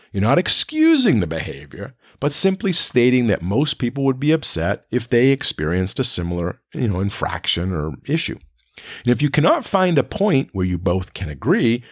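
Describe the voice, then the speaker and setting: A man speaking as an educator, giving a spoken lecture to teachers and raising his pitch when he acts out what he says to students. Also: no room sound, clean studio sound. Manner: animated, pitch jumps when quoting students.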